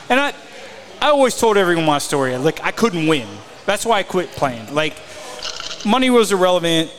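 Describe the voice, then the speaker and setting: Male podcast co-host with a high voice, a former mini tour golfer, tells rambling self-mocking stories. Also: big pitch swings, a little fast, fairly bright tone. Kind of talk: casual chat.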